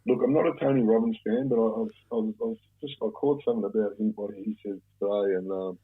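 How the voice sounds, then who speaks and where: A man's voice: lowish voice, fairly even intonation, fast, husky. A man in his fifties with an Australian accent, a podcast guest in casual talk, blunt and swearing often, rambling with many restarts. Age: 50s. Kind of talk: casual conversation. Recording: tinny phone-like sound.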